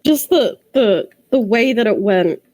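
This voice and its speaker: High-voiced woman, lively and giggly, unhurried retelling, casual chat. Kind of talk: casual chat among friends.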